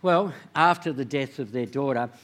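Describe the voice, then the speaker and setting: A man preaching a sermon, telling a story in a measured way and dropping his voice quietly on key words. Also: medium pitch. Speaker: pastor.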